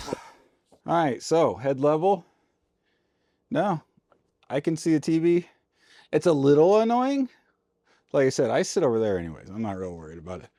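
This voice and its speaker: A man's voice: a little high, big pitch swings, moderate pace, long pauses, warm tone, no room sound, studio quality. A man vlogging from inside his RV, talking casually to himself and his viewers while he works, grumbling and folksy, into a handheld mic. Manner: folksy and informal. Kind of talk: casual vlog talk.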